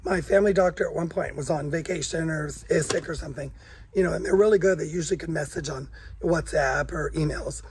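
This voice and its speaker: Hoarse raspy guy, kinda high voice, chatty vlog co-host, laughs a lot. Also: fast, a little mellow. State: hoarse from coughing. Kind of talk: casual chat.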